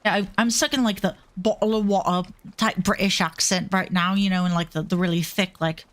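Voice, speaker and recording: A woman's voice: fairly low pitch, a little fast, fairly bright tone. A woman streamer chatting casually while she plays, self-deprecating and swearing freely. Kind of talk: casual gameplay chat.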